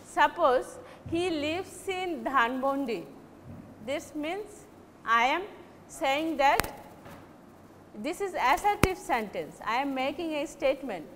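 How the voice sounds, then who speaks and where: A woman teaching a recorded lesson in a high, slow, careful voice, often restarting or correcting herself mid-sentence. The recording has a long echo, like a large hall, with faint background noise. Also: animated, a bit bright. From Bangladesh.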